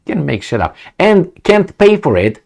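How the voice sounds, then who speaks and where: A middle-aged man reads news aloud and rants about it, sarcastic and indignant, going from loud outbursts to muttered asides. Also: on the high side, sing-song, unhurried, creaky. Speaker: political commentary vlogger. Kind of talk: reading news and ranting.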